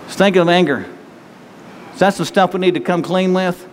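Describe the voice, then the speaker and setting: High-voiced preaching man in a hall. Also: steady tone, brisk. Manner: conversational preaching, rhetorical questions. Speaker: pastor. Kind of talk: sermon. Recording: long reverb hall, faint noise.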